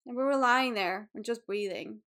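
A woman's voice: fairly high pitch, moderate pace, a bit bright. Candid woman yoga teacher podcasting. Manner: candid, emotional, swears casually. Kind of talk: casual solo podcast talk.

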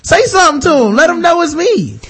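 A man putting on the voice of an exasperated Jesus who pleads with ungrateful followers in a whiny, loud way. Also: very high-pitched, big pitch swings, fairly quick, pitched above the performer's own voice, heavily acted. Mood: pleading.

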